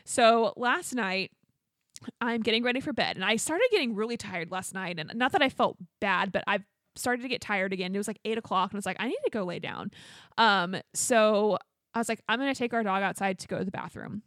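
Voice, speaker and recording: A woman's voice: medium pitch, a little fast, a bit bright, no echo, studio quality. A pregnant young woman co-hosting a podcast, telling a long story in casual chat with lots of "like"s and laughs. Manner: chatty storytelling, many "like"s, laughs often. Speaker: podcast co-host.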